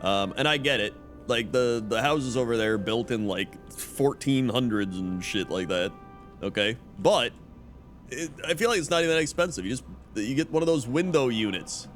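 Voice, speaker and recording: A man's voice: medium pitch, animated, moderate pace, fairly bright tone, soft background music. A young man streaming, chatting casually with a rambling, profane storytelling manner. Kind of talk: casual chat.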